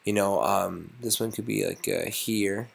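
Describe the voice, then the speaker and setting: A man's voice: on the low side, steady tone, a little slow, gravelly, breathy edge. A man teaching a casual music lesson, thinking aloud and getting enthusiastic as he composes.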